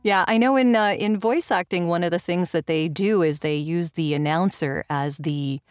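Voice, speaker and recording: A woman hosting a podcast, asking questions in a relaxed conversational way, with frequent laughs and hesitant fillers. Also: fairly low pitch, normal speed, smooth, soft background music. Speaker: podcast host. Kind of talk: conversational interview.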